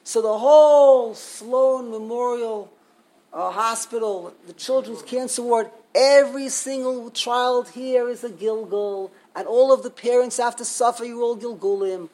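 A man's voice: very high-pitched, measured pace, a little mellow, rough recording. An older man giving an informal Torah class, emphatic and indignant, repeating himself for stress. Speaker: Torah teacher.

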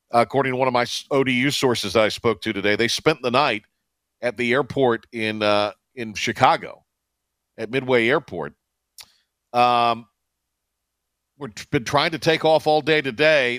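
A man hosting a casual sports radio show, talking in a rambling, halting way with many fillers and restarts. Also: mid-range voice, fairly bright tone, no echo.

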